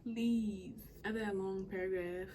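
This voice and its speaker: A woman's voice: medium pitch, steady tone, fairly quick, a little mellow, a little hiss or hum. A young woman vlogger telling a storytime in a casual, chatty way, with a lot of "like". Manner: chatty, lots of "like".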